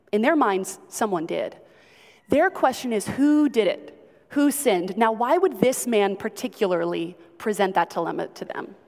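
A woman teaches a Bible lesson in a relaxed, chatty way, tossing questions out to her listeners. Her voice sits at a middling pitch. The sound rings with the long reverb of a large hall. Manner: chatty, asks the audience questions, frequent ums. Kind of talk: conversational Bible teaching to a group.

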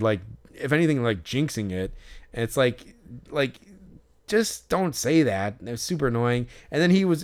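Man, podcast co-host, mid-pitched and smooth, rambling and sarcastic in casual chat. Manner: rambling storytelling, many fillers and restarts; exasperated, sarcastic about fans.

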